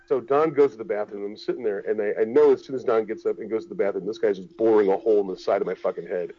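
A man's voice: fairly low pitch, fast talker. Brief: male storyteller, casual and crude, does the voices of the people in his story, slightly muffled recording with faint hiss. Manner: animated, profane, acts out the people in his story.

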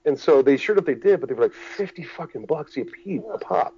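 A man's voice: a little high, brisk. Brief: male storyteller, casual and crude, does the voices of the people in his story, slightly muffled recording with faint hiss. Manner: animated, profane, acts out the people in his story.

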